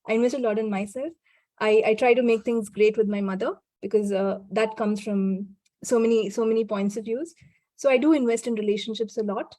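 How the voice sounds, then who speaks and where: Woman guest, casual chat, reflective with light laughs, higher mellow voice, dry sound. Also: steady tone, a little fast, no room sound. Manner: reflective, frequent restarts and soft laughs. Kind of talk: casual conversation.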